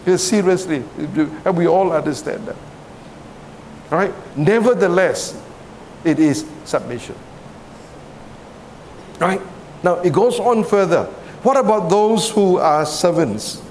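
A man's voice: sits high, animated, slow, pauses often, a little mellow, slight background noise. A middle-aged man from Singapore with a Singaporean English accent, preaching a sermon in a conversational way, often checking with the congregation and laughing between points.

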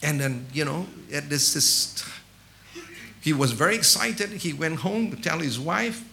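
A man's voice: a little high, measured pace, vocal fry, slight background noise. A middle-aged man preaching a sermon, telling stories with rhetorical questions and restarting phrases by repeating words. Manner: animated storytelling with rhetorical questions.

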